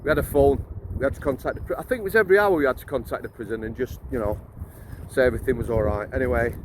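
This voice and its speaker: Middle-aged bloke, ex-prison officer, casual and cheeky storyteller, mid-range pitch, faint traffic in the background. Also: male voice. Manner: chatty, blunt and jokey, laughs mid-story, addresses viewers as guys. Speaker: former prison officer telling stories.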